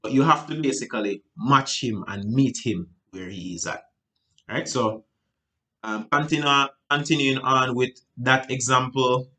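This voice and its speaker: A man giving a casual sales training talk, looping back with "right?" and restarting sentences, and acting out client exchanges with sudden high and low voices. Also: measured pace, bright, forceful tone. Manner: loose, repetitive, frequent "right?" and restarts; acts out client dialogue with big pitch jumps.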